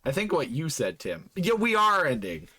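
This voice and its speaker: A man's voice: fairly high pitch, wildly swooping pitch, normal speed, pushed and bright. A man hosting a podcast stream, chatting casually and goofing around as he signs off. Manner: jokey, goofy, rambling sign-off. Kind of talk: casual chat while live streaming.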